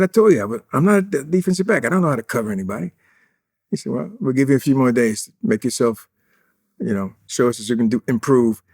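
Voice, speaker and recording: A man's voice: medium pitch, a little mellow. A man in his eighties from Indiana, a guest in an interview, telling stories boastfully and acting out the dialogue. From Indiana, USA. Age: 80s. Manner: boastful, acts out quoted dialogue. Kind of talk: casual interview storytelling.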